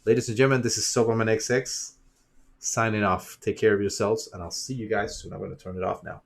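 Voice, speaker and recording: A man's voice: fairly low pitch, fast talker, vocal fry. A man vlogging casually to his viewers, rambling and repeating himself as he lectures emphatically and swears freely. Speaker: YouTuber and streamer. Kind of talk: casual vlog monologue.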